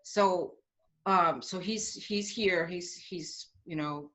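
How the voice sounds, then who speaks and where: A woman's voice: lowish voice, slow pace, a bit bright. A woman psychic medium talking in a casual group chat, upbeat with many fillers. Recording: lo-fi call audio.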